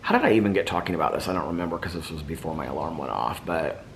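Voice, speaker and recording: A man's voice: rumbling low, racing, background noise. A man vlogger in casual, reflective chat, rambling with lots of "like" and "you know".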